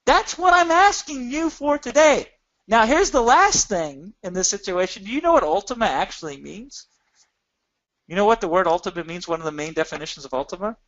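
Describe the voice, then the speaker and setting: A middle-aged man giving an energetic, emphatic sales pitch on a webinar, repeating phrases for effect. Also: brisk, dull audio. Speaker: product seller on a marketing webinar.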